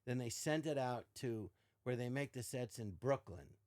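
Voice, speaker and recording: Older man, podcast guest, casual storytelling, animated quotes, mid pitch, dry close sound. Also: normal speed, no room sound. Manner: animated, acts out quotes in varied voices.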